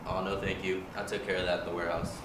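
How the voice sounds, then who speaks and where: A man's voice: deep voice, flat delivery, fast, close to an everyday voice. A young man playing a blunt, practical young coworker in an amateur play, speaking matter-of-factly. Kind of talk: amateur stage play reading. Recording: very echoey room, far mic, loud hiss.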